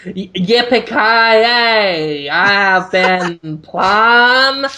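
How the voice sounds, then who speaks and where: A man's voice: high-pitched, animated, drawn-out words, pushed and bright, a little hiss or hum, full character voice. A British man putting on a mock American accent, playing a boastful dim cowboy in a hammy, drawling way. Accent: put-on American over British.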